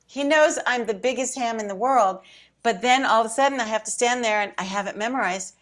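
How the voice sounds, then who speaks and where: A middle-aged woman co-hosting a podcast chats casually and emotionally, at times nearly in tears. She tells stories with animation, acting out what went through her head, in a fairly quick voice on the higher side.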